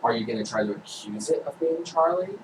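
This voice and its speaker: Man, game master, tabletop narration, hesitant and slow, distant mic, faint hiss. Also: medium pitch, animated. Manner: slow, hesitant description with fillers.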